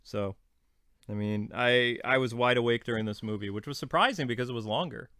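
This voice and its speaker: A young man hosting a podcast in casual chat, relaxed and matter-of-fact as he answers listener questions. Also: medium pitch, brisk, smooth, no room sound, studio quality. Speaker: podcast host.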